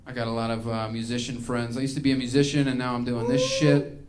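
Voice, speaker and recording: A man's voice: mid-range voice, flat delivery, fast, slight background noise. A male stand-up comedian performing a set on stage, ranting in a mock-angry way.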